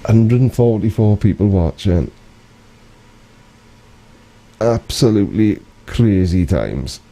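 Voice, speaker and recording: A man's voice: fairly low pitch, lively intonation, slow pace, dark tone. A man hosting a live stream, reading out viewer comments in a rambling, cheeky way and chuckling often.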